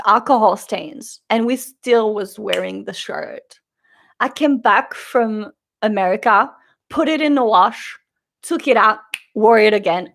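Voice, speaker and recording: Woman, vlogger, gravelly fry, animated storytelling. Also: fairly high pitch. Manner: animated, acts out quoted people. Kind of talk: chatty storytelling vlog.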